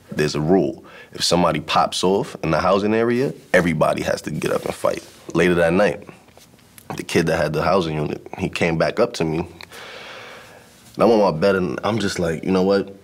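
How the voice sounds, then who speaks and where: A man's voice: sits low, vocal fry. A man from Brooklyn, telling his own story as testimony and acting out the dialogue. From Brooklyn, New York. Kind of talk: personal testimony.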